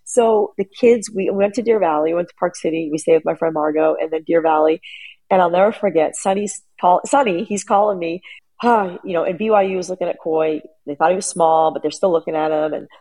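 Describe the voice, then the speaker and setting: A woman's voice: on the low side, brisk, warm tone, low-quality recording. A middle-aged woman chatting casually as a guest, telling a long family story with lots of restarts and fillers. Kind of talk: casual chat.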